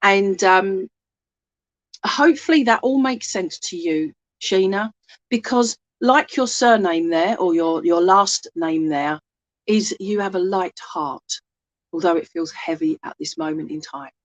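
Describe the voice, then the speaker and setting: A woman serving as a spiritualist medium, giving a gentle, reassuring reading online from home and relaying messages with many asides. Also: lowish voice, unhurried, dull audio. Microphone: laptop microphone.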